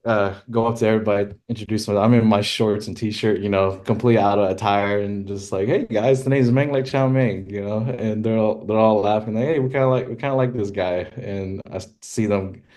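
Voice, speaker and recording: Deep-voiced man telling stories. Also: brisk, hardly any pauses. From California. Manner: animated, exclaims in high pitch when quoting himself. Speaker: guest, rodeo filmmaker. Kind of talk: casual storytelling.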